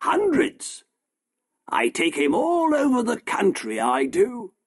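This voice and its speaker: A man's voice: extremely high pitch, huge pitch swings, slow pace, voice pushed up, full character voice. A man voicing a pushy, fawning male showman shopkeeper in an eager, salesy way.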